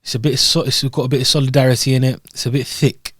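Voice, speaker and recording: A man's voice: medium pitch, little pitch movement, quick pace, no echo, studio quality. A man from Scotland co-hosting a podcast, chatting casually about food and then presenting boxing news. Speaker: podcast co-host. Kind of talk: casual chat.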